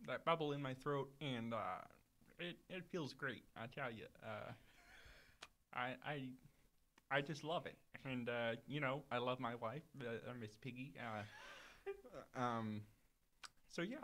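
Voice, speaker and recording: A man doing a cheerful, folksy impression of a frog puppet character, halting and fond of saying "I tell ya" as a comic bit in a casual chat. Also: medium pitch, fairly bright tone, close to an everyday voice.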